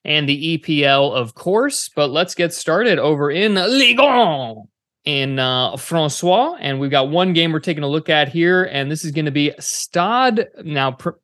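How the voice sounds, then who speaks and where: A man's voice: fairly high pitch, lively intonation, measured pace, a bit bright, no room sound, studio quality. Easygoing American man hosting a podcast. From United States. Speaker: podcast co-host. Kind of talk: casual podcast chat.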